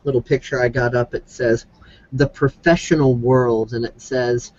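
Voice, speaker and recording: Mid-pitched man reading a list aloud. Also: steady tone, moderate pace, a little mellow, no echo, muffled recording. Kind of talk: casual chat.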